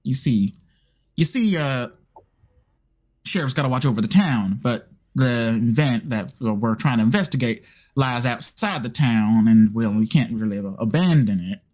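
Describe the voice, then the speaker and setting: A fussy, jittery little man, played by a game master, who stumbles over his words and rambles in uneasy bursts. The voice starts higher and thinner than a plain speaking voice, then sinks as he loses confidence. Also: lively intonation, normal speed, darkish tone, lightly acted. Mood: nervous. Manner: stammering, hesitant, rambling. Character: nervous small man, stammering and fussy.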